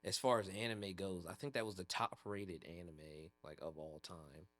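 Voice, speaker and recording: A man's voice: sits low, steady tone, normal speed, fairly bright tone, no echo. A man co-hosting a podcast, chatting in a laid-back, rambling way with loose slang. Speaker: podcast co-host. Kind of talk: casual chat about anime and games.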